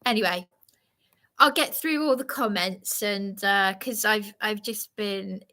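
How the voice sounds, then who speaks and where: A woman's voice: mid-range voice, measured pace, bright, forceful tone. A woman live streaming, talking in a flustered, agitated and apologetic way. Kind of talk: rambling live-stream chat.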